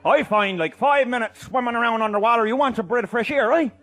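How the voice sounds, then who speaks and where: A very high-pitched man with a thick Newfoundland accent spins a comic tall tale. He is boisterous, often shouting and laughing mid-sentence. A faint hiss of background noise sits under his voice. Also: quick pace. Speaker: comic storyteller.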